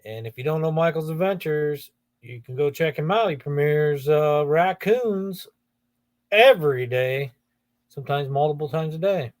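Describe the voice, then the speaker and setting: Chatty and jokey, this livestream host, a middle-aged Ohio man, reads out viewers' comments and teases them by name. He speaks at a normal pace in a higher-leaning voice, recorded in clean studio quality without echo.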